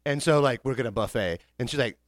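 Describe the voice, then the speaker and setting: Man, podcast host, animated storyteller, does voices. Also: mid-range voice, quick pace, no echo, clean studio sound. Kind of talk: casual storytelling chat.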